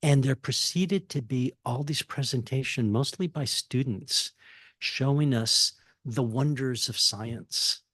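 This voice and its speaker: A man's voice: medium pitch, takes it slowly, fairly bright tone, dry recording, clean studio sound. A man in his sixties from Texas, giving a casual university talk full of fillers, restarts and chuckles. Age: 60s. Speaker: guest speaker. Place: lecture hall.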